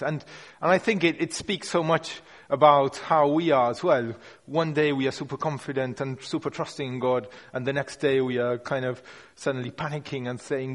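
A preacher with a medium-pitched voice speaking at normal speed gives an informal sermon, working through a passage in a conversational, unpolished way. He often restarts phrases and uses hedging words, and the hall adds long reverb.

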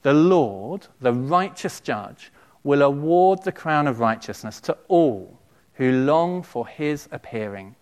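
A man, a pastor giving a sermon in a church, earnest and measured. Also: fairly high pitch, lively intonation, a little mellow. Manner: earnest, measured preaching with quotations read aloud.

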